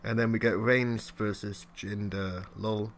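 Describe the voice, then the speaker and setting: Deep-voiced guy reviewing wrestling. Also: fairly even intonation, slight background noise. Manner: chatty, laughs often, mimics people in quick asides. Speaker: podcast co-host. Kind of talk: casual wrestling review chat.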